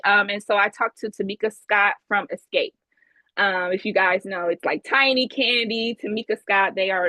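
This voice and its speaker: A woman's voice: mid-range voice, bright, forceful tone, no room sound, rough recording. A woman from Ohio giving an earnest, emphatic personal testimony as a guest speaker at an online event, over a video call. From Ohio, USA. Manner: earnest, emphatic storytelling with many restarts.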